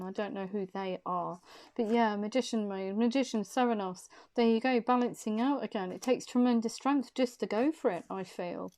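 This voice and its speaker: A woman reads tarot cards for her viewers with a warm, dark tone. She sounds short of breath and halting, trailing off and repeating her questions softly. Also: medium pitch. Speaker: tarot reader. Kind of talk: intuitive tarot reading.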